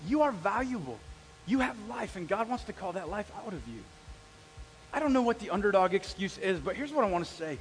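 Man, middle-aged, pastor, storytelling sermon, high voice, long church reverb. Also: slightly rough. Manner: animated, acts out quoted voices, talks to the congregation. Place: church hall.

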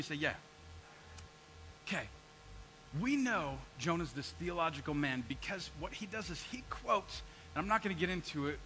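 A man's voice: fairly high pitch, bright, forceful tone, rough recording. A man preaching a sermon in church, acting out people's complaints to God and asking his congregation questions. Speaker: pastor.

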